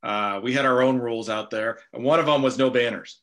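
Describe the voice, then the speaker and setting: A man hosts a casual chat and tells lively stories. His voice is bright and forceful. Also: medium pitch, fairly quick. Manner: storytelling, animated anecdotes. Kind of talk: casual conversation.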